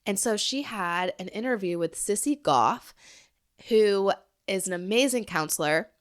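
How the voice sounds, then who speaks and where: A woman's voice: mid-range voice, animated, unhurried. Earnest woman hosting a podcast. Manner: earnest, encouraging, addresses listeners directly. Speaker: podcast host. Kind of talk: heartfelt solo podcast talk.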